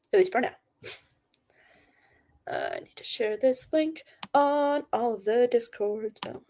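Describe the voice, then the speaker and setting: A woman's voice: a little high, darkish tone. Chatty, swearing young woman streamer. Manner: chatty and profane, reacting to chat. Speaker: livestream host. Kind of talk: casual livestream chat.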